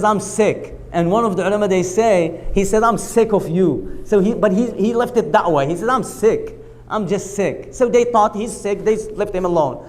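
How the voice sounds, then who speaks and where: A man giving a storytelling lecture at a mosque, acting out the quoted speech, with non-native English grammar. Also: high voice. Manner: animated retelling that acts out quoted speech. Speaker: lecturer at a mosque family night.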